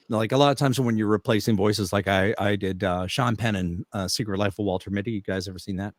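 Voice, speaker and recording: A man's voice: lowish voice, quick pace, few pauses, no room sound, studio quality. A man, a voice actor and guest, telling anecdotes in casual conversation and jumping into character voices as he goes. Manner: animated storyteller who slips into character voices.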